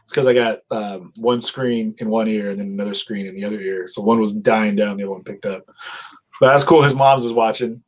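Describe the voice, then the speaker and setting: A man's voice: on the low side, fairly even intonation, brisk, rough recording. A man hosting a livestream in casual commentary, chatty and rambling, talking into a headset at his streaming setup. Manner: chatty, rambling, laughs at himself. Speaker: livestream host.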